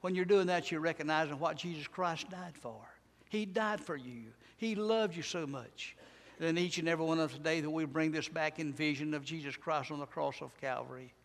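A man's voice: fairly high pitch, fairly quick, in a large hall. A man preaching a sermon in a church, emphatic and repetitive, with rising and falling intensity.

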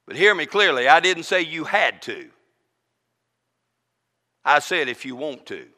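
Booming preacher in a reverberant church. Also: male voice. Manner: dynamic preaching, swinging from booming to hushed. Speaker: interim pastor. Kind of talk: sermon.

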